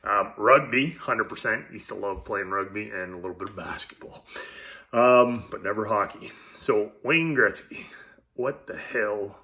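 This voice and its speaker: Guy, low voice with a forceful edge, casual profane beer-review host. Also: unhurried. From Canada. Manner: loose, profane, joking asides. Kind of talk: casual rambling chat to camera. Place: apartment.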